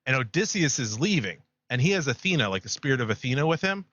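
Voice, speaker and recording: Man, podcast co-host, rambling animated storyteller; crisp bright tone, dry room. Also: mid-range voice, fast, dry recording, highs cut off. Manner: rambling, animated retelling with laughs. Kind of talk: casual chat, storytelling.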